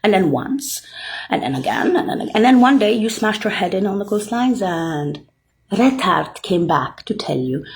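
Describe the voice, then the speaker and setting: A woman in a profane, rambling rant, mocking and swearing heavily, jumping between loud outbursts and low muttering. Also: sing-song, normal speed.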